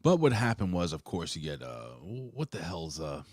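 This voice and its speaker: A very low-voiced man hosts a laid-back live review show, rambling through recaps and swearing freely. His voice sits close and dry, with no room around it. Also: big pitch swings, moderate pace, a little mellow, dry recording. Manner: loose, profane, rambling recaps. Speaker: host of a wrestling review show. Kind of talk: casual live-stream chat.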